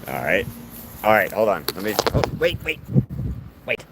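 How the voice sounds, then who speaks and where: Guy with a really low voice rambling on a phone stream outside, lots of noise behind him. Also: sing-song, normal speed, vocal fry. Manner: rambling, chatty, with many restarts. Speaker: artist hosting a livestream. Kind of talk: casual livestream chat. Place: outdoors on grass walking a dog.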